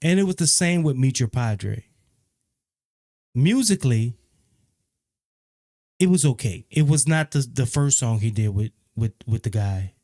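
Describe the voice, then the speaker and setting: A man giving a casual, opinionated spoken album review, often repeating himself and growing animated when he criticizes. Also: mid-range voice, a little slow, long pauses. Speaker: music reviewer.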